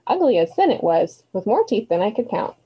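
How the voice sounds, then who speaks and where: A woman voicing an older female magic mentor who is brisk, stern and caring. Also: mid-range voice, very animated, slightly rough, highs cut off. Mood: storytelling. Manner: brisk, commanding.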